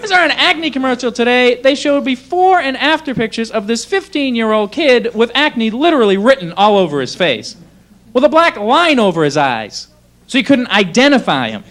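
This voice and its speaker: A man's voice: very high voice, sing-song, normal speed, fairly bright tone. A man doing a sarcastic stand-up comedy set, drifting into mock voices. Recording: 1980s cable TV club recording.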